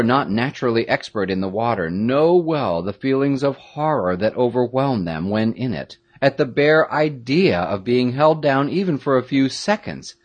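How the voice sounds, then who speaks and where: Male audiobook narrator, first-person adventure tale, husky, lively pitch, dramatic reading. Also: moderate pace, few pauses.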